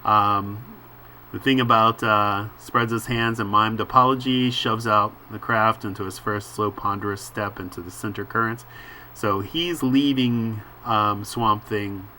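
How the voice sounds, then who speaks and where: A man reading a comic book aloud and musing over the panels in an unhurried way, with frequent filler words. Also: fairly low pitch, steady tone, pushed and bright, a little hiss or hum. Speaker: comic book reader and commentator.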